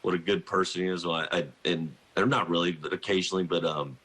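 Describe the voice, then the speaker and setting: Guest spot: middle-aged coach, deep husky voice, rambling storyteller who keeps restarting. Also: male voice, fairly even intonation, quick pace, a bit bright. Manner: rambling, self-interrupting, laughs through anecdotes. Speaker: college basketball coach, guest. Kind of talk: phone-in radio interview, storytelling.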